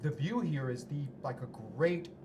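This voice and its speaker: A man's voice: on the high side, normal speed. A man running a tabletop game as game master, describing scenes with lots of fillers and hesitations. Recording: noisy room.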